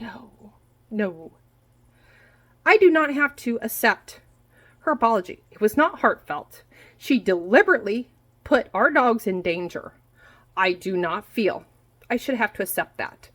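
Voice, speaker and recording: A woman in her forties venting in a casual monologue, blunt and quick to swear, repeating herself for emphasis. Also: fairly high pitch, big pitch swings, a bit bright, poor audio. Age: 40s. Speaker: vlogger. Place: home kitchen while food cooks. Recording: faint frying noise behind. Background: food sizzling in a pan.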